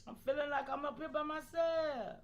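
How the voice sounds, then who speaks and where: Woman, live-stream host, high voice, animated, keeps calling out to her chat. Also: moderate pace. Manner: animated, calls out to viewers, laughs often.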